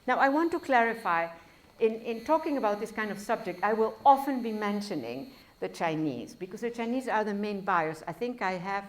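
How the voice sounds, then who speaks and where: A woman's voice: mid-range voice, lively intonation, moderate pace. Professor with a foreign accent, a woman, lecturing loosely with wry digressions. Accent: foreign accent in English. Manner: discursive, self-correcting, wry asides. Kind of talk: university lecture.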